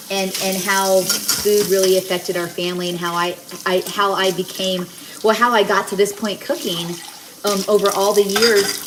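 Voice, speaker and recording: A middle-aged woman hosting a casual cooking livestream from her home kitchen, chatting in a rambling way with many restarts while doing the dishes. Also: medium pitch. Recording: kitchen noise of dishes and water. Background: running water and clattering dishes.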